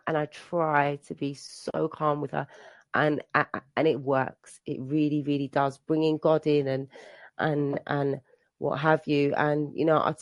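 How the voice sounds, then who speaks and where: An English woman, an adult and a mother, shares her personal recovery story in a meeting room. She tells it emotionally, often repeating herself and starting over. Her voice is deep with a darkish tone, and the recording is dry.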